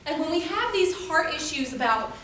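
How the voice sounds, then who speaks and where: A woman's voice: high voice, expressive, moderate pace, background noise. A young woman giving a casual devotional talk to a youth group, chatty, with lots of fillers as she tells stories. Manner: chatty, filler-heavy storytelling. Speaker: youth speaker. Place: room with a youth audience. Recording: very echoey room from far off.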